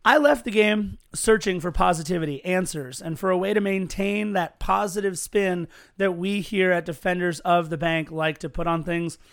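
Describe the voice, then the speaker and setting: A man's voice: high-pitched, normal speed, few pauses, a bit bright. A man co-hosting a casual sports podcast, telling stories in a chatty, earnest way. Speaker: podcast co-host.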